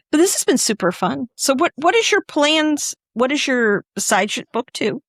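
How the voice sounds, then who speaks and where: A woman's voice: high-pitched, big pitch swings, a little slow, fairly bright tone, dry recording. Chatty woman, dry close sound. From Northwestern Pennsylvania. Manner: rambling, chatty, full of restarts. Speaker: podcast co-host. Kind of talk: casual chat.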